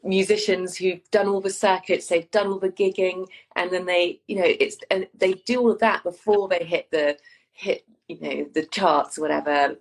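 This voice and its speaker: A woman's voice: on the low side, fairly even intonation, normal speed. A woman co-hosting a podcast in casual chat, earnest and encouraging, speeding up as she lists examples. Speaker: podcast co-host.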